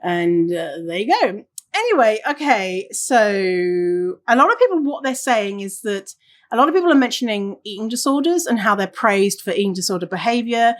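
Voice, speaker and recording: A woman's voice: medium pitch, expressive, normal speed. A woman hosting a solo podcast, talking casually and reading listener stories aloud. She swears freely and laughs often. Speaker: podcast host.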